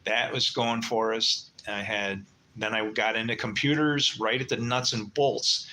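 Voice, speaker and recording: Older male livestream host in his sixties, low-pitched but with a bright, edgy bite, blunt and profane, rambling through stories, faint room hum behind. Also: steady tone, a little slow, hardly any pauses, poor audio. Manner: blunt, swearing storyteller who mutters asides. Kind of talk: casual rambling livestream chat.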